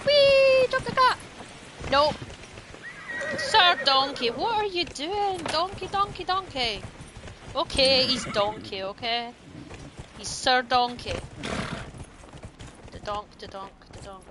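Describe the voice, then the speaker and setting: A woman's voice: sits high, takes it slowly, long pauses, noisy background. A woman streaming a video game, chatting playfully and breaking into squeals and giggles.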